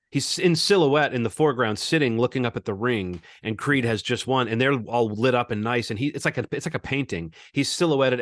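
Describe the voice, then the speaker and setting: A man's voice: mid-range voice, no echo, clean studio sound. A man co-hosting a movie review podcast in casual, rambling chat full of fillers and restarts. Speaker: podcast co-host.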